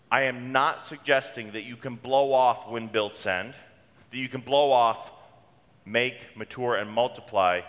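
Pastor guy talking easy to his church, mid pitch, hall echo all around. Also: pushed and bright. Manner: conversational preaching with homely stories. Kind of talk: sermon. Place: church sanctuary. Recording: long reverb of a church hall.

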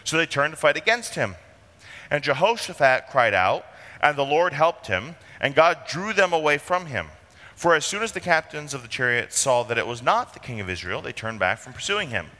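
A man's voice: fairly high pitch, big pitch swings, moderate pace, pushed and bright. A man preaching an expository sermon as pastor, talking conversationally and asking rhetorical questions, in a church sanctuary. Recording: long hall reverb.

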